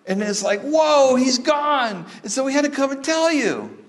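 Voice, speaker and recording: A man's voice: very high voice, sing-song, voice pushed up. A man doing an amazed, wide-eyed disciple. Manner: breathless, exclaiming, drawn-out wonder.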